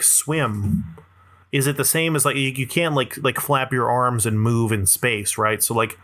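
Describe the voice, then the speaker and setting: A man's voice: mid-range voice, a bit bright. A young adult man hosting a podcast, delivering a rambling, self-deprecating comedic monologue and swearing freely. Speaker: podcast host.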